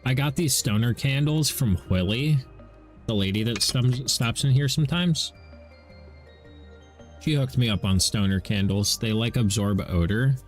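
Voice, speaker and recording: Loud, excitable man streaming games. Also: mid-range voice, unhurried, faint music behind. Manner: loud, excitable, profane ranting. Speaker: gaming streamer. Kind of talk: casual stream chat.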